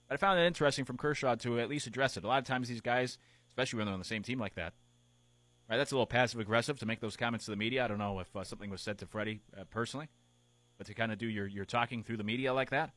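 A man's voice: mid-range voice, very fast, fairly bright tone, dry recording. A man talks sports on air in an easy, conversational flow, turning ideas over as he goes. His voice sits in a middle range and is recorded close and dry, with no room around it. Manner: conversational, musing aloud with relationship analogies. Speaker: sports radio host. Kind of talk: casual sports talk commentary.

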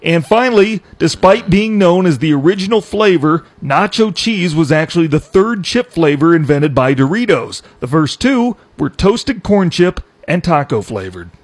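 An easygoing male sports talk host with a voice a little higher than most men's. He runs through scores and trivia in a relaxed, matter-of-fact way at a studio mic. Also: normal speed, few pauses, husky. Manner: easygoing, matter-of-fact, shares fun facts. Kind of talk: casual sports talk and news update.

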